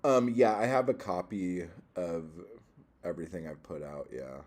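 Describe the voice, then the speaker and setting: A man's voice: sits low, expressive, normal speed, a little mellow. A man hosting a casual livestream, reading chat and rambling, profane and easily worked up.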